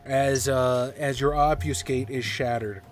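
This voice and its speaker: A man acting as game master, narrating a tabletop horror game and making brisk rules calls. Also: mid-range voice, fairly even intonation, faint music behind. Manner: brisk, matter-of-fact rules calls mixed with vivid scene narration.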